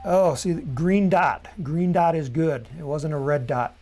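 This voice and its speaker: A man hosting a live software tutorial, talking casually and thinking aloud at his computer, with frequent ums and self-corrections. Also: a little high, measured pace. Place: at a computer desk.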